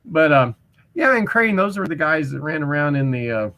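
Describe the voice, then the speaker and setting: A man's voice: a little high, normal speed. A man in his sixties, a musician and karaoke host, telling stories in a casual interview and acting out other people's voices as he goes. His talk is loose and chatty, full of restarts. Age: 60s. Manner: animated storyteller who acts out other people's voices.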